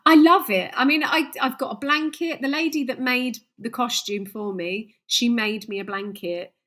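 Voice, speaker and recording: A woman's voice: a little high, moderate pace, fairly bright tone. Chatty, laughing woman guest. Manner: chatty, self-deprecating, laughs through her stories. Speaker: podcast guest. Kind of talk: casual chat.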